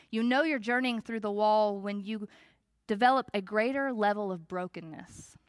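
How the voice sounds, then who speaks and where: A woman pastor giving a reflective, conversational sermon with measured pauses. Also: mid-range voice, no room sound.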